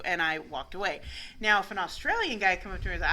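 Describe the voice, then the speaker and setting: Female co-host, lowish bright voice, blunt and profane banter. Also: fast talker, rough recording. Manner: blunt and profane, animated storytelling. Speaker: radio show co-host. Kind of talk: casual chat.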